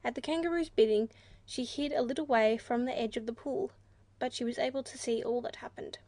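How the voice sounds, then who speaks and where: Lady reading a kids audiobook, high voice, dry close sound. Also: steady tone, a little fast, darkish tone, no echo. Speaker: audiobook narrator. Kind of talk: storybook narration.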